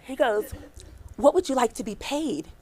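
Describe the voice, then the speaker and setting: A middle-aged woman recruiter giving a lively career workshop, talking fast and chatty and asking her audience questions. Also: high-pitched.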